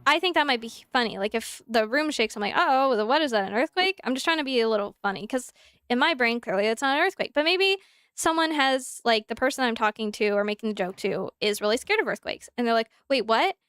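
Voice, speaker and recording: Young woman streamer, high smooth voice, chatty and animated, replying to chat. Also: quick pace, no room sound. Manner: animated, talks through examples, answers chat. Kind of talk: casual chat while gaming live.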